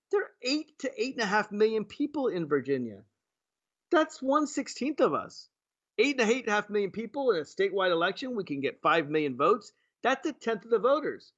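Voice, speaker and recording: High, animated sarcastic male commentator. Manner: mocking, animated, rhetorical questions. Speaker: state delegate hosting a livestream. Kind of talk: sarcastic commentary on played clips. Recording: dull lo-fi stream audio.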